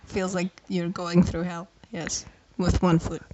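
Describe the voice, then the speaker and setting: A woman chats playfully in a casual podcast, bantering with her co-host. Noise is clearly heard behind her voice. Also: fairly low pitch, flat delivery, measured pace, dull audio. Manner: playful, chatty. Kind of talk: casual chat.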